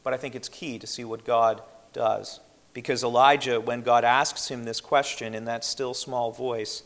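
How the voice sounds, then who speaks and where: Earnest preacher in a reverberant hall. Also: male voice, mid-range voice, fairly even intonation. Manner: earnest, measured, with slowed emphatic quotations. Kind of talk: sermon.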